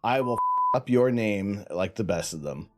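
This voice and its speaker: A man's voice: fairly low pitch, expressive, normal speed, loud music behind the voice. A man hosting a casual astronomy livestream from home, joking and laughing as he chats with viewers. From Canada.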